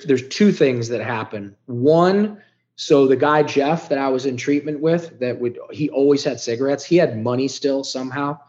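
A man's voice: mid-range voice, moderate pace. Middle-aged male podcast guest, blunt, profane storyteller, dull muffled recording. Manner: blunt, profane and animated, swings loud and soft. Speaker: podcast guest, business founder. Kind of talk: candid storytelling.

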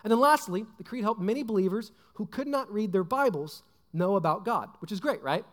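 A young male pastor delivers a loose, joking sermon full of asides and fillers. His voice sits high and he talks fast. The sound carries a long reverb from a large hall. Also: expressive, a bit bright. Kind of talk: casual sermon.

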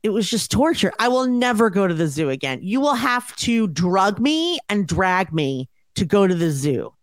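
A woman's voice: mid-range voice, very animated, normal speed, no room sound. A woman from the United States co-hosting a casual chat, blunt and profane with dramatic reactions. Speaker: podcast co-host.

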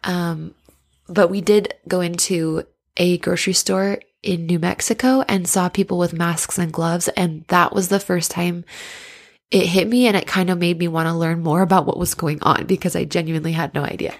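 A woman's voice: on the low side, fairly even intonation, normal speed. A woman in her thirties hosting a casual podcast as a life coach, bubbly and chatty, laughing often, with a stuffy nose. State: stuffy nose from sinus blockage.

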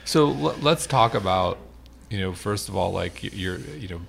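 A man's voice: fairly low pitch, lively intonation, normal speed, creaky, fairly bright tone, slight background noise. A man hosting a podcast interview, casual and jokey, laughing often. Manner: jokey, laughs often, acts out quoted lines. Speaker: podcast host.

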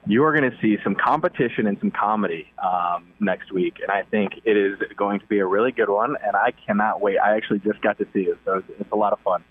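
A man's voice: lowish voice, fast, hardly any pauses, slightly rough. Young man on a tinny phone line. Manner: easygoing, upbeat, with many fillers. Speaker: guest on the phone. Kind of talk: casual phone interview.

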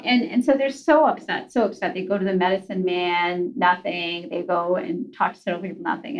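A woman's voice: mid-range voice, lo-fi sound. A middle-aged woman guest on a podcast, telling a story in a chatty, conversational way with many fillers. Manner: chatty, frequent fillers and restarts.

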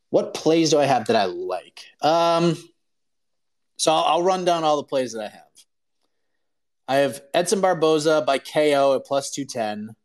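A man's voice: a little high, slow, long pauses. Casual male fight-show host. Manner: relaxed, rambling, laughs while talking. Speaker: podcast host. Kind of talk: casual chat about fight betting.

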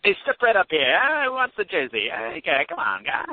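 A man putting on the voice of an old-timey male carnival barker, hawking loudly in sales patter. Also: sits high, huge pitch swings, moderate pace, gravelly, no room sound, pitched above the performer's own voice, exaggerated voice. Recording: tinny phone-like sound.

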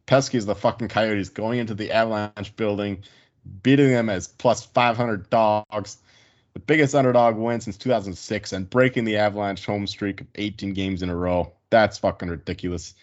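A man's voice: fairly low pitch, fairly even intonation, moderate pace, dull audio. A man giving casual, profane hockey betting picks in a joking, rambling way. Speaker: sports betting panelist. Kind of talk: casual sports betting chat.

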